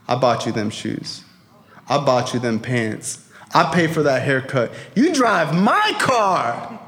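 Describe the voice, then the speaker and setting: A man's voice: mid-range voice, very animated, slow pace, a bit bright, voice pushed down, heavily acted. A man voicing his stern, blunt father in a story told to a crowd. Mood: commanding. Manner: blunt, clipped, commanding. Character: stern middle-aged father, blunt and commanding. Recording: echoey hall.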